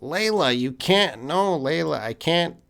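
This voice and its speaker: A man's voice: a little high, expressive, unhurried, creaky, fairly bright tone. A middle-aged man with a Canadian accent, an English teacher answering viewers' chat questions on a live stream, patient and thinking aloud with ums and hmms.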